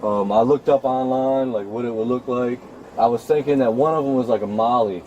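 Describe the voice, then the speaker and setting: A man's voice: medium pitch, fairly quick, dark tone, dull audio, slight background noise. A man questioned by police, talking in a hesitant, rambling way full of fillers, heard through an officer's body camera. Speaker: trespassing suspect being questioned. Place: outside a vacant house.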